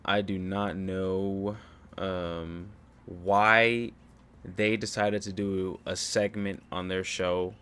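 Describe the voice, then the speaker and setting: A man's voice: on the low side, fairly bright tone, clean tone. A man giving casual, laid-back reaction commentary with a mocking edge.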